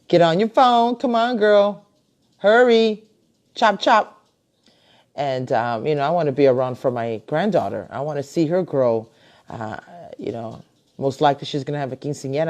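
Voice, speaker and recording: A middle-aged woman and grandmother hosting a casual live video chat from her computer, talking in a chatty, warm-hearted way with many fillers and restarts. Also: a bass voice. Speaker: host. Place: home, at a computer. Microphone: computer mic on a live video call.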